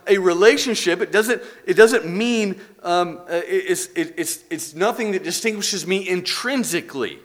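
A man's voice: high-pitched, normal speed, few pauses. A man teaching a church doctrine class, earnest and explaining through examples and rhetorical questions. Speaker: Bible teacher.

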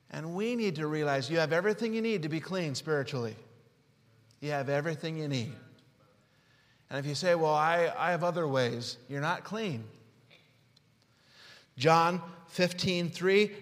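Guy preaching, high voice, goes from quiet to yelling, big echoey hall. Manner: swings from hushed to shouting; storytelling with illustrations. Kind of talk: sermon. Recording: long hall reverb.

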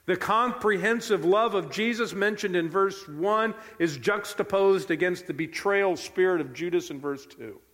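Male pastor preaching, earnest, a bit high voiced, big hall reverb. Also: moderate pace, few pauses, fairly bright tone. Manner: earnest preaching with emphatic repetition. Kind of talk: sermon.

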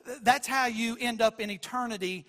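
A male pastor delivers a sermon in a high, bright, forceful voice. He presses his points with repetition and swings between loud declarations and soft asides. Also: moderate pace.

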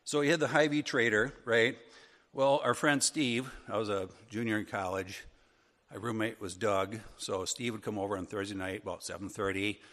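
A middle-aged man from northern Wisconsin teaches a Sunday school class through stories from his childhood. He talks in a folksy, animated way and acts out punchlines in funny voices. His bright, forceful voice rings with long reverb in a big hall. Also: on the low side, moderate pace. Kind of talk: storytelling lesson.

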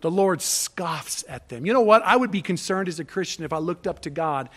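A man preaching a sermon, swinging between loud, urgent appeals and hushed asides. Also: a little high, lively intonation, a little fast. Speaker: pastor.

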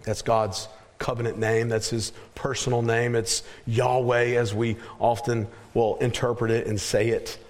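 An earnest man delivers a sermon from the pulpit, speaking at an ordinary middle pitch. He often doubles back on his words as he looks for the right phrase. He slows down to lean on the scripture he reads. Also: level tone. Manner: earnest, repeats words while searching for phrasing. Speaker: pastor.

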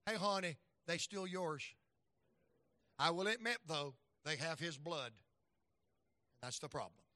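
Middle-aged guy preaching, kinda high voice, acts out voices, loud then soft. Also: a little slow, no echo. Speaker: evangelist preacher. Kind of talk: sermon.

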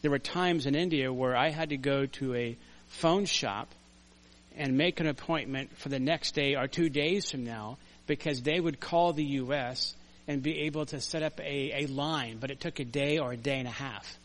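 An older man preaching a conversational sermon in a church, earnest and story-driven, dropping to quiet asides and rising to loud emphasis. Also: mid-range voice, moderate pace. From United States. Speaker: pastor. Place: church sanctuary.

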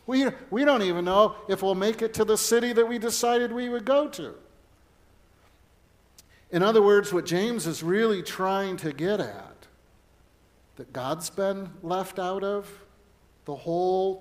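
A man's voice: high voice, measured pace. A middle-aged man, a pastor, preaching a sermon in an earnest way and weaving in personal stories.

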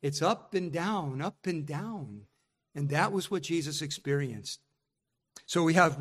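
A man's voice: fairly high pitch, measured pace. A man preaching a sermon, teaching earnestly through a psalm and rising to impassioned emphasis on its cries.

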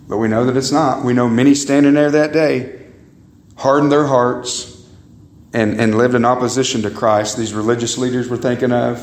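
Emphatic pastor in an echoey church. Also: male voice. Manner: emphatic, swings pitch high and low, repeats words; addresses congregation as "guys" and "beloved". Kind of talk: sermon. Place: church sanctuary.

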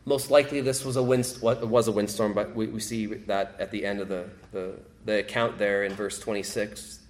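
A man's voice: fairly low pitch, steady tone, brisk, hardly any pauses. A man preaching a sermon, repeating key phrases and rising sharply when he quotes pleas. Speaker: pastor.

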